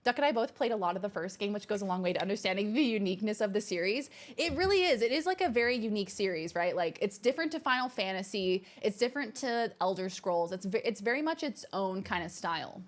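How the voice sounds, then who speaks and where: A woman hosting a livestream from her home streaming room, chatting casually and reading out viewer messages in a bubbly, gushing way that is quick to exclaim. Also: mid-range voice, animated. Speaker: livestream host.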